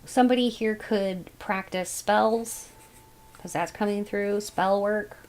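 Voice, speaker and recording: A woman giving a casual tarot reading, thinking aloud as she goes in a musing, unhurried way. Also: medium pitch, steady tone, darkish tone, poor audio. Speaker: tarot reader.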